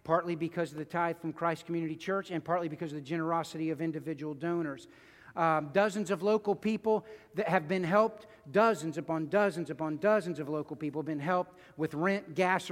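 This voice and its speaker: A man's voice: high voice, long reverb tail. A male pastor preaching a conversational sermon to his congregation, with repeated phrases and personal stories, then leading a prayer. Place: church sanctuary.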